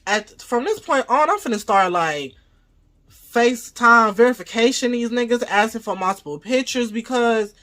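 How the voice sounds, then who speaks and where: Bright-voiced man telling a profane story. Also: very high voice, normal speed. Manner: profane, animated retelling, acts out his own quoted lines. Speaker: vlogger. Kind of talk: casual storytime monologue.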